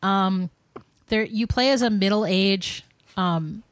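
A woman's voice: mid-range voice, slow pace, dry recording. Woman, podcast co-host, chatty, filler-heavy, casual gaming chat, dry close mic.

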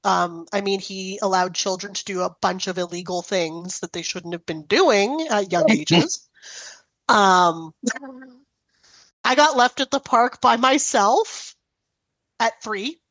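A woman in casual podcast chat, telling lively family stories. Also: mid-range voice, a little slow, dry recording. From Italian-American family. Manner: animated storytelling.

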